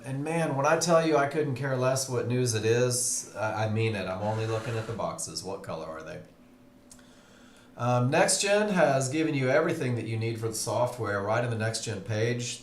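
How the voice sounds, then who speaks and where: Brief: male trading instructor, mid pitch, cheerful and chatty, echoey room with faint hiss. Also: moderate pace. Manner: upbeat, chatty, greets viewers by name. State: tired, yawning. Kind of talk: live webinar teaching. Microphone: computer mic on a live stream.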